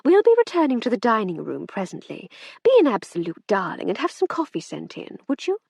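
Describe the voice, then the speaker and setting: A woman's voice: medium pitch, wildly swooping pitch, fairly quick, gravelly, darkish tone, husky, no echo, exaggerated voice. A woman reading an audiobook, voicing a witty aristocratic lady with a breezy, teasing upper-class manner.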